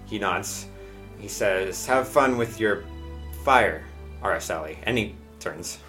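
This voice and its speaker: A man runs a tabletop game in a loose, chatty way, stopping for fillers as he goes. His voice is bright and clear, with faint music playing behind him. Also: lowish voice, animated, slow. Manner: casual and chatty, frequent fillers. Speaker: game master.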